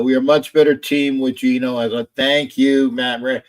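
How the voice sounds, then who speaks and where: A man's voice: mid-range voice, little pitch movement, normal speed. A man hosting a casual live stream about football, rambling, reading chat messages aloud and arguing back at them from a home setup in front of a camera. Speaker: sports streamer.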